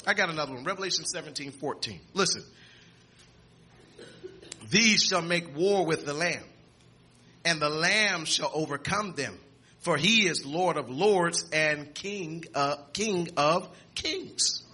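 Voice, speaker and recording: A man preaching a sermon, reading scripture aloud with restarts and repeats, and rising to shouts and exclamations. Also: on the high side, measured pace, slightly rough.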